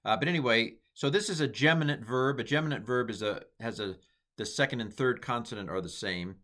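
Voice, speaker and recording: A man's voice: mid-range voice, brisk, a bit bright. A middle-aged man giving a casual, chatty Bible Hebrew lesson, with playful asides and small jokes. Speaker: teacher.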